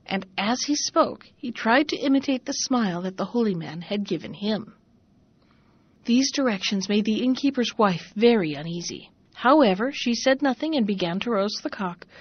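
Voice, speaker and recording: A woman hosting a story show, reading a fairy tale aloud in a calm, measured way, in a dull lo-fi recording. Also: fairly high pitch, slightly rough, no echo. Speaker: storyteller host.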